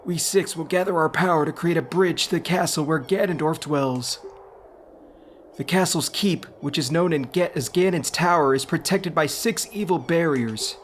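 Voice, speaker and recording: A man's voice: a little high, moderate pace, a little hiss or hum, pitched above the performer's own voice, close to an everyday voice. A man voicing an old male sage from a video game, reading the dialogue aloud in a raised, put-on voice. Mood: solemn.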